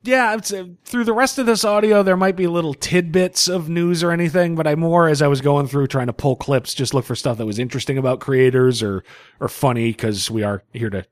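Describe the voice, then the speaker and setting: A man's voice: a little high, a little fast, no echo, studio quality. A man hosting a podcast in casual chat, laughing often and swearing casually. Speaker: podcast host.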